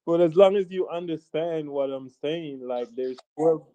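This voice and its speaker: A man's voice: a little high, unhurried, dark tone, clear, resonant tone, no room sound, dull audio. A man from Jamaica with a Jamaican accent, arguing insistently in a heated debate and talking over the other side. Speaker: debate participant.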